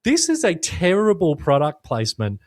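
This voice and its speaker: A man's voice: a little high, wildly swooping pitch, normal speed, dry recording, studio quality. An Australian man co-hosting a podcast, chatting casually in a rambling, jokey way and swearing now and then. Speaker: podcast co-host. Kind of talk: casual chat.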